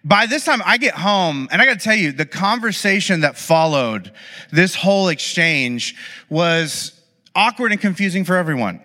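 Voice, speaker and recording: A man tells a story to a gathered audience in a loose, chatty way, padding his sentences with fillers and asides. His voice sits a little high and sounds bright and forceful. It rings with the long reverb of a large hall. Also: expressive, normal speed. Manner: conversational, loose and rambling with many fillers. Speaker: speaker addressing an audience. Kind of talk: storytelling talk.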